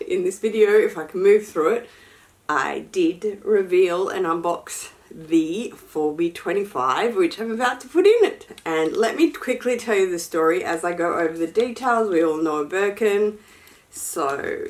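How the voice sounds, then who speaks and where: A woman luxury fashion vlogger chatting casually and frankly to camera during an unboxing, with sassy asides. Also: lowish voice.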